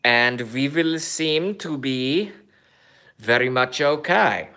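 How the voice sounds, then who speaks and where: A man putting on a mock Kazakh accent, playing a crude, bragging foreigner in slow, halting broken English. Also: medium pitch, animated, bright, forceful tone, full character voice. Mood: goofy. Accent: put-on mock Kazakh accent. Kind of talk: comedic impression in a vlog.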